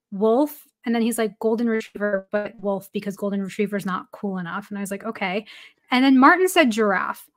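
A woman baseball reporter, appearing as a guest on a podcast, tells a story casually with plenty of "like" fillers and some laughter. Her voice is medium in pitch and fairly bright in tone.

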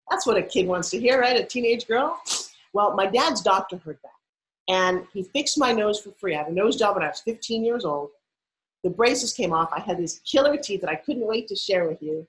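Middle-aged new york lady telling her story on a podcast, punchy and lively. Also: medium pitch, normal speed, low-quality recording. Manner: animated, emphatic storyteller. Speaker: guest. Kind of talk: storytelling interview.

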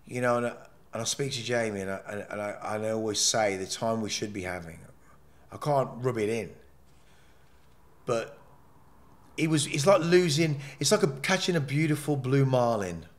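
A man, talking candidly in a podcast interview. He swears constantly, jumps between loud outbursts and low mutters, and restarts his sentences as the stories pour out. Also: normal speed. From England. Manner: animated, profane, rambling with frequent restarts. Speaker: podcast guest.

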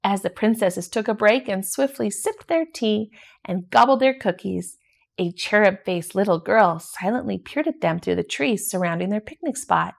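A woman reading a children's picture book aloud in a steady, gentle storytelling manner. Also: mid-range voice, normal speed, vocal fry. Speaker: storybook reader.

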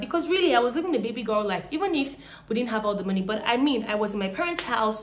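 Woman, twenties, Nigerian accent, casual vlog storytelling, animated, fillers, slightly high voice. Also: rapid-fire, hardly any pauses, slight background noise. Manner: chatty, animated, many fillers. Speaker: vlogger.

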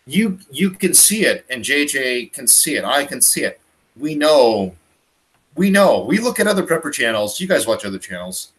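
A man's voice: mid-range voice, big pitch swings, normal speed, fairly bright tone, rough recording. A man from Canada ranting with passion in a casual podcast chat over a video call. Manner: impassioned, ranting. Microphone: video call mic.

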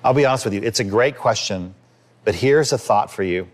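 A man's voice: on the low side, a little fast. A man in his fifties, a pastor giving a sermon in an earnest, conversational way, acting out little quotes.

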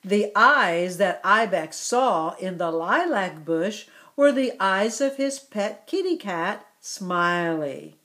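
A woman teaching young children, asking questions about a story and praising their answers in a slow, encouraging way. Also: mid-range voice, expressive, a bit bright. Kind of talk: story comprehension lesson for children.

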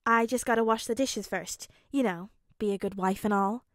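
Woman reading a soft patient young guy, coaxing, dry close sound. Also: mid-range voice, moderate pace, no echo, natural voice. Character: gentle patient young man, caretaker. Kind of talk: fanfic audiobook reading.

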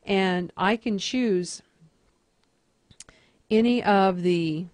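A woman teacher calmly talking through a computer task step by step in a screen-recorded tutorial. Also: mid-range voice, very slow, no echo. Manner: methodical, step-by-step instruction.

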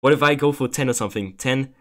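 A man's voice: medium pitch, fast talker. Agitated young man, swearing gameplay commentary. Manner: agitated, swearing, pleading repetitively. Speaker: gaming streamer. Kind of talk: casual commentary over gameplay.

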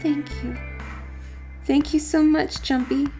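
A woman voicing a terrified young woman in a story game, her voice shrill and broken. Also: flat delivery, slow, mellow, soft background music. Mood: tearful thanks.

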